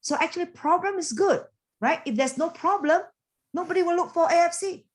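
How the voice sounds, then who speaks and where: A woman giving a motivational coaching talk over a video call, animated and chatty, full of fillers and quick laughs. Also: very high voice. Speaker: business coach and team leader.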